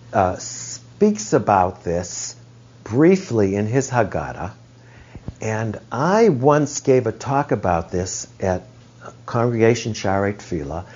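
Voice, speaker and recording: A man's voice: on the low side, a little mellow, breathy edge. A man teaching a study group, explaining ideas in a reflective way and sometimes searching for his words. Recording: dull lo-fi recording.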